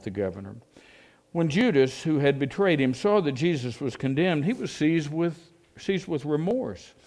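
A man's voice: medium pitch, darkish tone. Guy preaching a sermon, earnest, reads scripture and leans hard on key lines. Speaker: pastor.

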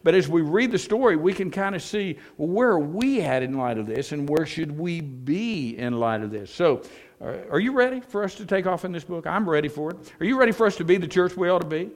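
A man's voice: on the high side, animated, fairly quick. Man preaching a chatty sermon. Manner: conversational preaching with rhetorical questions. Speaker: pastor.

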